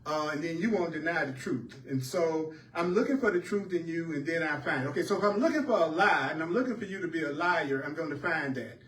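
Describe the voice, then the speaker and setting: Male spiritual teacher, fairly high voice, repetitive emphatic delivery, echoey room, recorded off-mic. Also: brisk, hardly any pauses, a bit bright, a little hiss or hum. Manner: repetitive, emphatic, preacher-like cadence. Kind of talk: spiritual teaching talk to a class. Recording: echoey room heard from a distance.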